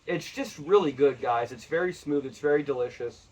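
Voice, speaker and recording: A medium-pitched man with a slightly rough voice talks at normal speed to his viewers in a rambling, chatty whiskey review vlog. He sounds a bit far from the mic.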